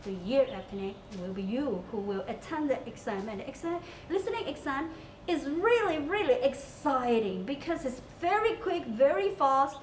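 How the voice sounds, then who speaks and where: This Hong Kong-accented woman English teacher speaks in a high-pitched, expressive voice at a moderate pace during a class lesson recorded for campus TV. She breaks things down step by step, spells words letter by letter and uses lots of fillers. She's far from the mic in a school room, giving echo and faint hiss.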